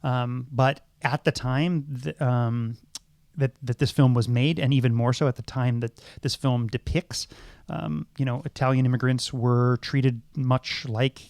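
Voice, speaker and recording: A man's voice: mid-range voice, fairly even intonation, measured pace, gravelly, darkish tone, no room sound, clean studio sound. A middle-aged man and podcast co-host, talking through films thoughtfully, with many ums and restarts. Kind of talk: casual film discussion.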